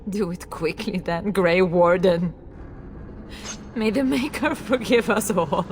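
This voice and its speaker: A woman's voice: medium pitch, takes it slowly, background noise, close to an everyday voice. An actress voicing a noble mother desperate to save her son, emotional and pleading, in a video game. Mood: resigned.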